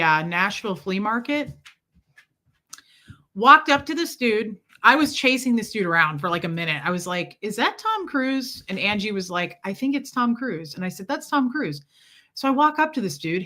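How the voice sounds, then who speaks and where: Woman rambling away on her livestream at home, bright clear voice, chats to viewers and her pets. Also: medium pitch. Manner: rambling, chatty storytelling with asides to viewers and pets. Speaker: livestream host. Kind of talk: casual livestream chat.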